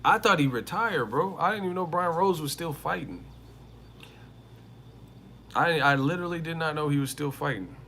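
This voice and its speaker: A man's voice: on the high side, expressive, moderate pace, long pauses, sharp tone, a little hiss or hum. A man hosting a live boxing commentary stream, talking in a casual, slangy and emphatic way and repeating his points over and over. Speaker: boxing commentary channel host.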